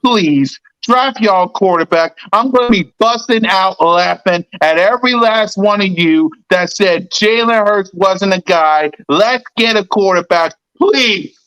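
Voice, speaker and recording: A man's voice: sits high, unhurried, hardly any pauses, a bit bright, clean tone, poor audio. A man hosting a fan sports talk show, ranting in a heated, mocking way and repeating lines for emphasis.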